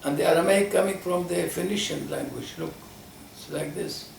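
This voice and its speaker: Older man, Lebanese accent, non-native English; gravelly, halting, emphatic, repeats himself; faint room ambience. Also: on the high side, reverberant, recorded from a distance, slight background noise, low-quality recording. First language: Lebanese Arabic. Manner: halting, emphatic, with many restarts and repetitions. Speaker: political party founder. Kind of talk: interview answers.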